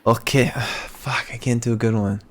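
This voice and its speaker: A man co-hosting a podcast in casual chat, unhurried and swearing when flustered. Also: mid-range voice, fairly even intonation, a bit bright. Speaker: podcast co-host.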